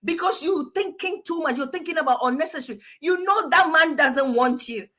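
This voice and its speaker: Woman from Africa, guest, exhortative advice talk, high voice, bright tone. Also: fairly quick. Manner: emphatic, exhortative, preachy.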